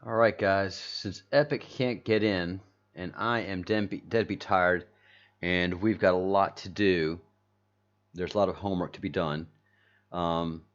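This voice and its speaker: A man with a very deep voice hosts a loose livestream, reading viewer comments aloud and circling back on his own sentences. The audio is dull and lo-fi, like a basic home stream setup. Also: steady tone, measured pace. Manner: rambling, repeats and restarts, reads chat aloud. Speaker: channel host. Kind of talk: casual livestream chat with viewers.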